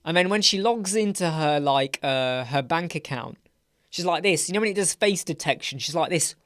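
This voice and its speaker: A man's voice: fairly high pitch, animated, moderate pace, a bit bright, dry recording, studio quality. A man hosting a live web design Q&A, chatting casually, rambling and laughing as he answers viewer questions. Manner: chatty, rambling, laughs often, puts on mocking voices.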